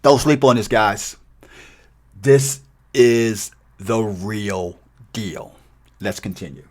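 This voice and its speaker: A middle-aged man teaching a cold calling script in an energetic, emphatic way, sometimes acting out sample lines for callers. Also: fairly low pitch, takes it slowly. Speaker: real estate investing coach. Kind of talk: training video walkthrough.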